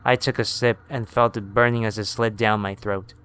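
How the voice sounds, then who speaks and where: A man narrating a first-person horror story in a steady, scripted storytelling manner. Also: on the low side, moderate pace, clean tone.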